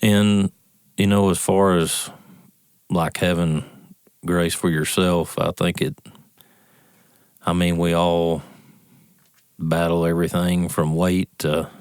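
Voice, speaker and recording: A man co-hosting a podcast, speaking in a reflective, halting way. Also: sits low, level tone, darkish tone, clean tone, dry recording, studio quality. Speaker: podcast co-host. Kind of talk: casual conversation.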